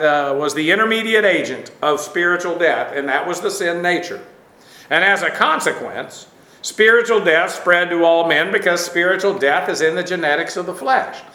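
A man teaching a Bible lesson, halting often with fillers and dry asides. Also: a little high, pushed and bright, echoey room.

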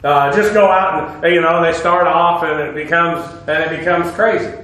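High-voiced man preaching in a very echoey room. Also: fairly even intonation, moderate pace, fairly bright tone. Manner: informal, with filler "uh"s and dry sarcastic asides. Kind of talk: conversational Bible-teaching sermon.

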